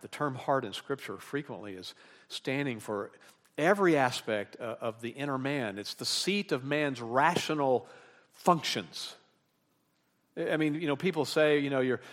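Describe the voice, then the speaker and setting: A pastor in mid-sermon, his voice sitting in an ordinary middle pitch. He preaches with animated emphasis, swelling on key words, then slips into low, offhand asides to the congregation. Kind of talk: expository sermon.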